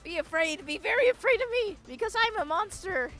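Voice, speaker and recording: A woman's voice: very high-pitched, lively intonation, a little fast, fairly bright tone, faint music behind, pitched above the performer's own voice. A woman voicing a boastful, indignant male monster villain in a video game, reading his threats aloud.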